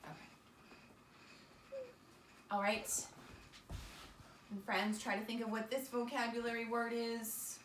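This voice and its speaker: Teaching children in a small group indoors, a woman stays upbeat and encouraging and calls them friends. Her slightly high voice is steady and fairly bright, slow, with long pauses. The recording is roomy, distant, and noisy, with children nearby.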